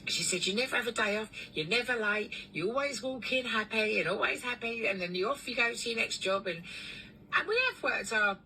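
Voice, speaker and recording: A woman who runs a cleaning business, telling a long story in a chatty, animated way with lots of fillers. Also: on the high side, a little fast, recorded from a distance, a little hiss or hum, rough recording. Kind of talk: casual storytelling vlog.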